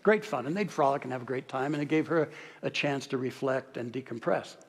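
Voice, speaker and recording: Male pastor, husky tone, reflective sermon delivery with hushed emphases, recorded in a reverberant sanctuary. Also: mid-range voice, fairly quick. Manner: reflective, drops to soft near-whispers on key words. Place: large church sanctuary. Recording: long reverb of a large hall.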